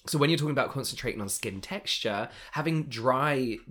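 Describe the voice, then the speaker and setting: Lively, bright-voiced man explaining. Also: medium pitch, brisk. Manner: explains skincare steps at length, laughs often. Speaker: podcast co-host. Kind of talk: casual chat.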